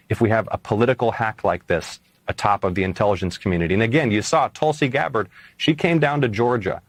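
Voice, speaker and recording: Urgent low-voiced male politician. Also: dry recording. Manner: earnest, urgent and forceful. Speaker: senator and candidate. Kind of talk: broadcast interview answer.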